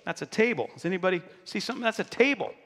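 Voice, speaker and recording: The pastor's voice sits high and races along as he jokes his way through an animated sermon, speaking directly to the room. It's a live recording from a church hall with plenty of reverb.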